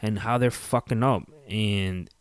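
Man, podcast host, low-ish voice, rambling profane storyteller, dry sound. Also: fairly even intonation, unhurried, smooth, dry recording. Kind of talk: casual podcast chat.

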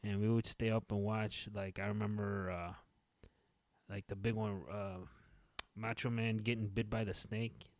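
A man co-hosting a podcast, telling animated stories about his childhood and dropping in Spanish words. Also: lowish voice, measured pace, no room sound. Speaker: podcast co-host. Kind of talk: casual podcast chat.

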